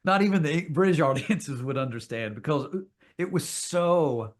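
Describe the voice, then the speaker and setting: A middle-aged man from Kentucky with a Kentucky accent, an actor chatting as a podcast guest, telling animated stories and swearing freely. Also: a little high, moderate pace. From Kentucky, USA. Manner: animated storytelling with frequent swearing. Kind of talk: casual interview chat.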